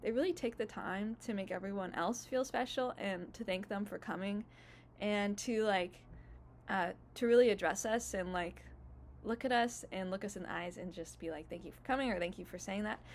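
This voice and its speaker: A woman's voice: medium pitch, normal speed, slight background noise. A woman in her twenties recapping casually for her vlog, gushing and emotional, full of fillers. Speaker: YouTuber.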